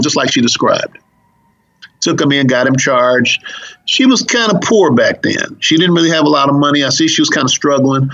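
Gravelly middle-aged policeman telling a story. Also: fairly bright tone. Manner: acts out dialogue with big pitch jumps. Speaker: police officer. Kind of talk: animated storytelling in an interview. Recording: dull lo-fi recording.

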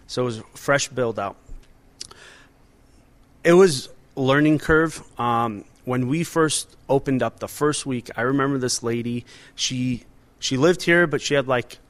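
This chef and restaurant owner, a man in his forties, has a mid-range voice and talks a little slowly. In the interview he's casual and animated, often restarting and using fillers.

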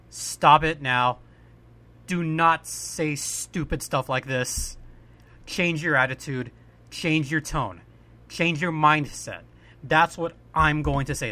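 A man's voice: on the high side, pushed and bright. A man hosting a solo podcast, speaking in an impassioned, ranting way and repeating "I mean" often. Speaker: podcast host.

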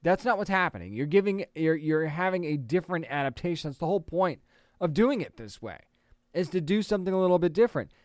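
A man in his thirties hosting an entertainment news show, chatting casually and opinionated, with an animated delivery. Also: on the high side, fast, no room sound, studio quality. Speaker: podcast host.

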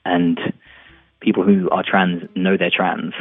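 A man's voice: sits low, flat delivery, unhurried, slightly rough, no room sound. A man speaking earnestly in a conversational interview, thoughtful with some restarts. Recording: tinny phone line with faint music.

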